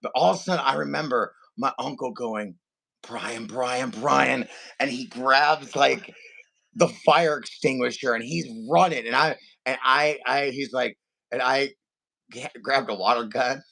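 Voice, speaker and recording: A man co-hosting a podcast, telling a family story in animated casual chat and acting out his relatives' voices. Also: medium pitch, moderate pace, creaky. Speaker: podcast co-host.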